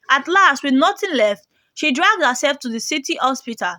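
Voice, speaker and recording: High-voiced woman telling a folktale. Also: animated, moderate pace, pushed and bright, dry recording. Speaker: storyteller. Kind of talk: folktale narration.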